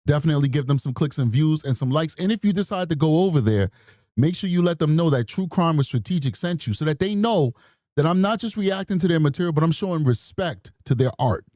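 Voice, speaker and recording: A man's voice: fairly high pitch, animated, quick pace, a little mellow, no echo, clean studio sound. A man hosting a true crime show in casual, rambling commentary, chatty with apologetic asides. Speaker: true crime podcast host.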